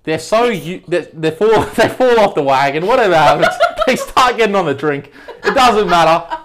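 A man's voice: high-pitched, wildly swooping pitch, moderate pace, a bit bright, slight background noise. Blunt ranting man. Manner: blunt, ranting, laughs through complaints. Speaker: co-host. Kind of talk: casual movie ranking chat.

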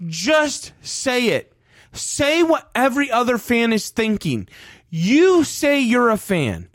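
Ranting man in his thirties, high and lively. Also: a little slow, no room sound, studio quality. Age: 30s. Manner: profane, ranting, heated. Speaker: podcast co-host. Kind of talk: fan sports podcast rant.

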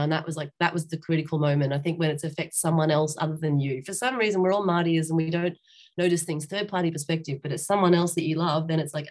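A woman's voice: deep voice, fairly even intonation, quick pace, a little mellow. Woman telling her story, frank and rambling. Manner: frank, rambling, frequent restarts and laughs. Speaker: interview guest. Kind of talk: candid personal storytelling.

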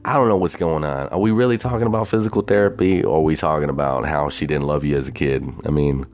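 A man's voice: extremely low pitch, a little fast, a little mellow, soft background music. A man casually telling a rambling story, full of swearing and unsure asides. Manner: profane, hesitant, self-doubting.

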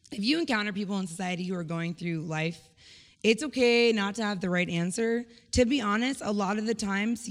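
An earnest woman gives a heartfelt church testimony in a conversational way. Her voice rings with a long hall reverb, as if picked up in a large sanctuary. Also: on the low side. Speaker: church member sharing a testimony.

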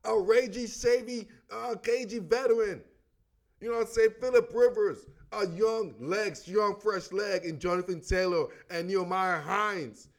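A man hosting a casual sports commentary show, talking in an animated, slangy way and repeating catchphrases. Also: sits high, unhurried.

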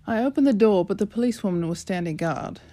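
A woman's voice: mid-range voice, animated, fast talker, warm tone, natural voice. A woman with a British accent voicing a brash, sarcastic teenage girl narrating her own story, chatty and sarcastic. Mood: cheeky.

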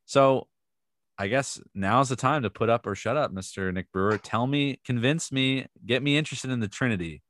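A young American man hosting a casual podcast chat, joking and animated, with frequent asides. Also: medium pitch, brisk, no room sound, studio quality. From United States. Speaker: podcast host.

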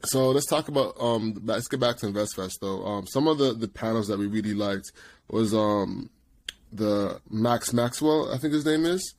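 Animated, laughing male podcast co-host. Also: fairly low pitch, normal speed. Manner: animated, laughs often, repeats words, acts out quotes loudly. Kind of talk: casual storytelling chat.

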